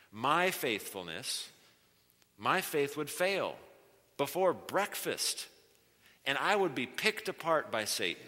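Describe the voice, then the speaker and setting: A man's voice: medium pitch, sharp tone. A man preaching a sermon as a guest speaker, earnest and emphatic, repeating key phrases and shifting his pace. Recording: long reverb of a large hall.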